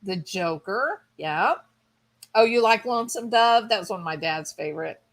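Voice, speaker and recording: A woman's voice: mid-range voice, lively intonation, normal speed. A woman streamer casually chatting with her viewers, rambling and thinking aloud with enthusiasm. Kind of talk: casual chat.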